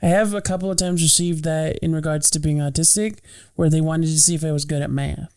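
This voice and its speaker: A man joining a casual podcast chat, telling quick, self-aware anecdotes. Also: fairly high pitch, fairly even intonation, darkish tone.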